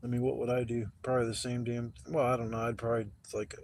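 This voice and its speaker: Talking fast with little pitch movement, this livestream host, a man in his forties, spins rambling, profane, laid-back stories from a campsite and performs the voices of their characters. His voice is mid-range and darkish, and some slight background noise is audible.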